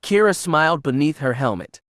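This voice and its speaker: A man's voice: fairly high pitch, expressive, moderate pace, fairly bright tone, no room sound. Male audiobook narrator, dry close sound. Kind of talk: scripted narration.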